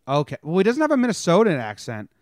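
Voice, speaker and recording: A man's voice: high voice, huge pitch swings, fast, no echo, studio quality. A man co-hosting a podcast, chatting casually about sports and TV, rambling and interrupting himself. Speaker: podcast co-host.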